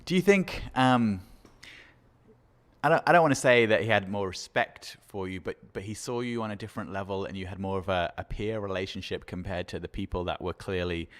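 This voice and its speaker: A man's voice: deep voice, brisk, a bit bright. A man hosting an interview, asking long questions in a hesitant, hedging way with repeated words. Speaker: interview host.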